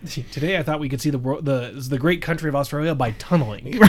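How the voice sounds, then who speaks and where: A man's voice: fairly high pitch, fast, background noise. A man with a slightly raised voice co-hosts a casual podcast, talking loosely and sarcastically. He drops dry jokes and keeps up a loose, chatty recap. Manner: wry, sarcastic, mimics people in quotes. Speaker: podcast co-host. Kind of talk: casual podcast chat recapping a reality show.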